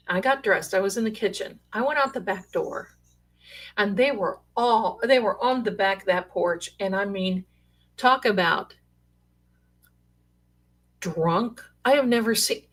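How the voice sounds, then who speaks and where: Slow-talking woman telling stories. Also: mid-range voice. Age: middle-aged. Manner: animated, rambling, exclamatory. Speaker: storyteller sharing paranormal stories. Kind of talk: casual storytelling.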